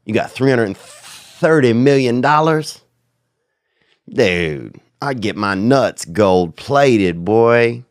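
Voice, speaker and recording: A man's voice: medium pitch, animated, slow, dry recording, studio quality. Sniffly, crude joking man. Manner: crude, riffing, slangy jokester. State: sick and sniffling. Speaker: podcast host. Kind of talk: rambling comedic podcast monologue.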